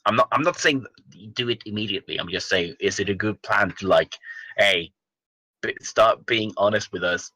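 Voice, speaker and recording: A man with a low voice and a crisp, bright edge talks through a tabletop game plan. He hesitates and restarts as he thinks aloud. The sound is close and dry. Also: no echo, low-quality recording. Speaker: player. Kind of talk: casual tabletop play.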